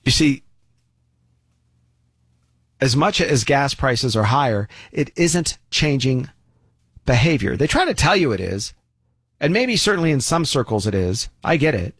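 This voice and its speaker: A man's voice: medium pitch, big pitch swings, measured pace, pauses often, fairly bright tone, husky, no room sound. A man giving an opinion commentary monologue in a folksy, sarcastic way with many asides.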